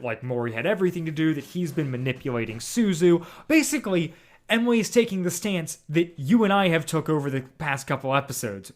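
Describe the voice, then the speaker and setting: Male podcast co-host, excitable theorizer, slightly high voice. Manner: animated, theorizing, talks fast in bursts. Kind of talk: casual chat.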